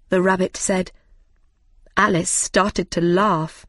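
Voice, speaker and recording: A woman narrating a storybook in a clear, deliberate, expressive way. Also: fairly low pitch, dry recording, clean studio sound. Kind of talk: slow graded storybook reading.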